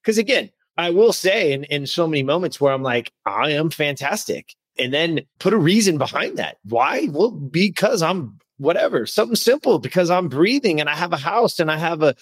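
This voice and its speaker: A man hosting a podcast interview in casual chat, talking with energy and emphasis, his voice jumping up when excited. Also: on the high side, a little fast, few pauses, husky, no room sound. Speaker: podcast host.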